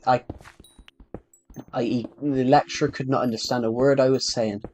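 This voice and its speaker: A young man from the UK with a thick, strongly rhotic regional British accent, chatting casually on a gaming live stream and talking slowly on purpose, with many restarts. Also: medium pitch, fairly even intonation, darkish tone, a little hiss or hum. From United Kingdom. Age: young adult. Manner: deliberately slow, many restarts. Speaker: game streamer.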